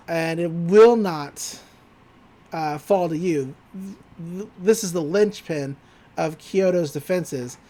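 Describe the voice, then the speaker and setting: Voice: medium pitch, warm tone, natural voice. A podcaster voicing a solemn disembodied school guardian who gives formal warnings.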